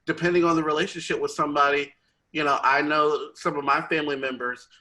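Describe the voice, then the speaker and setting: A man's voice: a little high, quick pace, poor audio. A man co-hosting a podcast, chatting animatedly about a film and acting out the characters' lines. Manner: animated, acts out quoted lines. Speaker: podcast co-host. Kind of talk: casual movie review chat.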